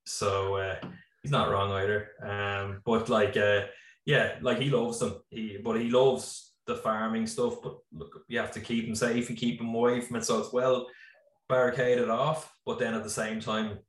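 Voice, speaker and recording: Through a slightly distant computer mic in an echoey room, an Irish farmer and business founder in his thirties chats on a video call. He's relaxed, rambling and full of fillers, with a voice on the low side at a moderate pace.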